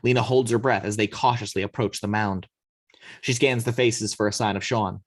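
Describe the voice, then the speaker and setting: A man narrating the action lines of a screenplay read-through in a steady storytelling manner. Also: fairly low pitch, moderate pace, no echo. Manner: steady storytelling, occasional slips. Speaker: narrator reading action description.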